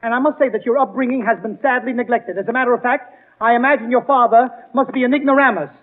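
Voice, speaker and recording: A man hosting a 1930s radio comedy show, wisecracking and excitable. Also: very high-pitched, quick pace. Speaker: comedian host. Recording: tinny 1930s radio broadcast with music.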